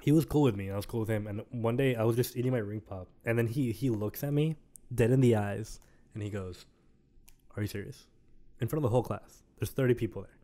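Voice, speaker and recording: A man's voice: medium pitch, fast talker. A young man co-hosting a casual podcast, telling a story and acting out the other people's lines. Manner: animated storyteller acting out quotes. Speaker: podcast co-host. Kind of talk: casual chat.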